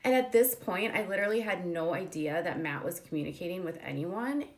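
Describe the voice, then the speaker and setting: A woman with a notably low voice tells a long story as the host of a commentary channel. She chats loosely with plenty of fillers and slips into the voices of the people she quotes. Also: lively intonation, fairly quick. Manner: chatty, many fillers, acts out quoted dialogue. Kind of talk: casual storytelling monologue.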